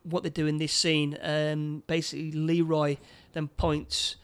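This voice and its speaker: A man with a fairly high voice talks through a film scene by scene in casual chat. He stumbles often, repeating words and padding with fillers as he goes. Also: completely flat delivery, unhurried, smooth. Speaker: podcast co-host.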